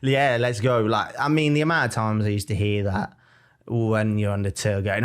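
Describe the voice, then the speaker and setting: A young man with a Birmingham accent, co-hosting a podcast in casual chat, animated and jokey as he tells stories. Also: lowish voice, normal speed, clean tone. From Birmingham, England. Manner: animated, jokey storytelling with mock-defiant asides. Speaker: podcast co-host.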